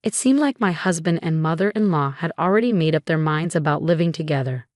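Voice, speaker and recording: A woman reading a first-person family drama in an even, steady storytelling voice. Her voice sits a little low, and the recording is close and completely dry. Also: fairly quick, dry recording. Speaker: narrator.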